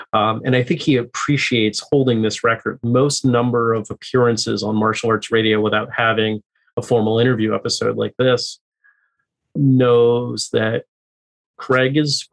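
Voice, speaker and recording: A man hosting a podcast interview, working his way through long, carefully rephrased questions. His voice is gravelly with a husky edge. He circles back to make sure he asks exactly what he means. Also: fairly low pitch, poor audio. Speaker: podcast host.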